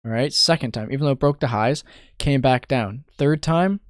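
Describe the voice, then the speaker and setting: A man's voice: mid-range voice, expressive, normal speed, dry recording, clean studio sound. A young man from Canada streaming his day trading, thinking aloud and muttering in frustration, swearing now and then. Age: young adult. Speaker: day trader streaming live. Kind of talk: casual live-stream commentary.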